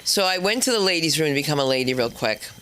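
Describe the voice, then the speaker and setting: A woman hosts a stand-up night on a comedy club stage, talking in a brash, chatty way. Her voice swoops all over, from low asides to loud high bits. The tone is bright and a little sharp. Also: lively intonation, fast.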